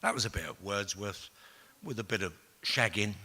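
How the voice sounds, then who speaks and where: An older man is speaking to a crowd, blunt and profane, lurching from loud bursts to near-whispered asides. His voice is bright and cutting, and his pitch rises and falls with lively swings. The sound carries the long reverb of a large hall. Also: moderate pace, breathy edge. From England. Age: 60s. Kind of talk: storytelling talk to an audience.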